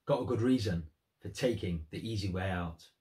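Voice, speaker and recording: Deep-voiced man musing on lyrics. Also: moderate pace, darkish tone. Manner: earnest, appreciative, thoughtful. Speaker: music vlogger. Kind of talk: reflective commentary on song lyrics.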